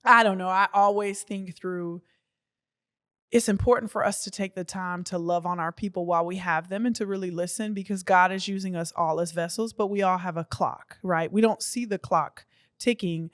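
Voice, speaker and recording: A woman's voice: fairly low pitch, steady tone, normal speed, no room sound, clean studio sound. Earnest woman author from Texas. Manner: earnest, faith-filled, talks in long flowing stretches with fillers. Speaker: author and guest. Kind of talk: casual interview talk.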